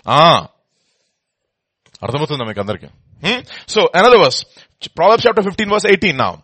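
A man teaching a Bible study, emphatic, repeating words and swinging between soft and loud. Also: on the high side, very animated, rapid-fire, dry recording.

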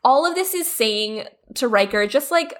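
A woman's voice: a little high, lively intonation, normal speed, a bit bright. Chatty woman podcast co-host. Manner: chatty, lots of fillers and laughs. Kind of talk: casual chat recapping a TV episode.

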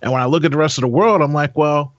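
An American man co-hosting a podcast over a remote link, animated and rambling, often repeating himself. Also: a little high, racing, dry recording. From United States. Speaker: podcast co-host. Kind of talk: casual panel chat. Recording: dull, dry remote audio.

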